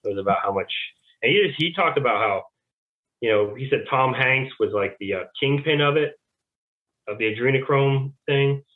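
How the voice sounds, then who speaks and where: A man's voice: medium pitch, lively intonation, normal speed. A man giving rambling casual testimony as an interview guest, acting out quoted back-and-forth conversations. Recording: tinny phone-like line.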